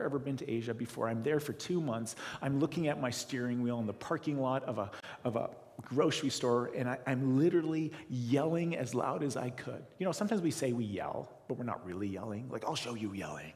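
A man's voice: mid-range voice, a little mellow. A middle-aged Canadian man preaching a sermon as a pastor, telling stories animatedly and acting out his own inner voice. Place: church sanctuary. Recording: reverberant church hall.

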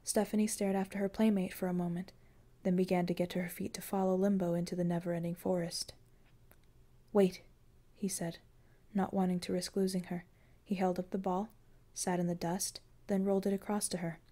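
A woman reading scripted fiction as an audiobook narrator, with calm, even storytelling. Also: lowish voice, fairly quick, few pauses.

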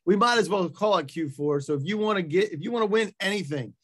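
A man hosting a webinar in a casual, upbeat way, reading out audience messages with quick asides over a video call. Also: high voice, lively intonation. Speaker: webinar host.

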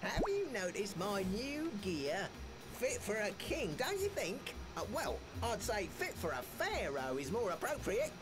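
A woman voicing an eager boy guide character in a children's game, chirpy and instructive. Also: mid-range voice. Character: cheerful pirate-gear boy guide character. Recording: game music under the voice.

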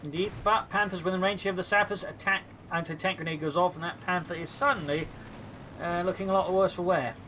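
Bright-voiced man calling game action. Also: high-pitched, fairly even intonation, quick pace, a little hiss or hum. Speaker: game co-commentator. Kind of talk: video game commentary.

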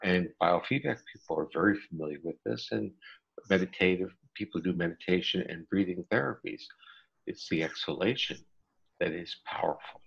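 Older male guest expert, very low and gravelly, measured explainer, lo-fi call audio. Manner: measured, lecturing, drawn-out phrases. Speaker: interview guest, researcher. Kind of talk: explanatory conversation.

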